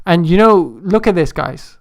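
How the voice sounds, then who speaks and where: A man hosting a day-trading livestream, chatting and joking with viewers in an animated way. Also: high-pitched, measured pace, no room sound, studio quality. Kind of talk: casual live-stream commentary.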